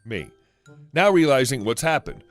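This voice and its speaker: A man's voice: medium pitch, animated, normal speed. A man narrating online stories in a matter-of-fact, scripted style. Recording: faint music underneath.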